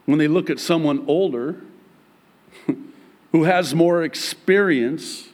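A pastor in his forties preaching a sermon in a church, emphatic and joking, with big swings in pitch. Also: takes it slowly, darkish tone.

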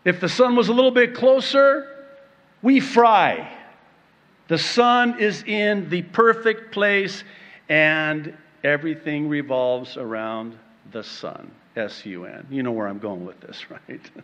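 A man preaching a sermon, slow and dramatic, breaking into playful acted-out quotes and laughter. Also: on the high side, a bit bright, in a large hall.

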